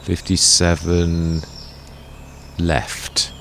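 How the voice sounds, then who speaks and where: A man's voice: deep voice, completely flat delivery, drawn-out words, creaky, background noise. A man giving rambling, chatty gameplay commentary as a let's play host, often correcting himself.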